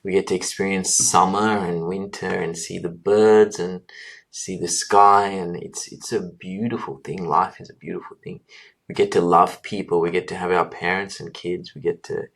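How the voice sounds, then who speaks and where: A man with a very deep voice talks earnestly about his life in a long interview answer. He often pauses with fillers and restarts his sentences. He is a doctor in his thirties. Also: steady tone, gravelly. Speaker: guest, doctor.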